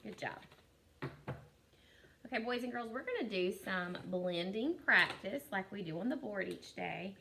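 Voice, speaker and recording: Slow, bright-voiced woman teacher. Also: medium pitch, expressive, a little hiss or hum. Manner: slow, clear sounding-out of words, encouraging. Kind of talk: recorded virtual phonics lesson for young children.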